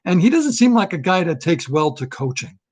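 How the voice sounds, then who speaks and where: A male comedian in a solo rant, blunt and riffing, often repeating himself. His voice sits a touch high for a man. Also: sing-song, fairly quick.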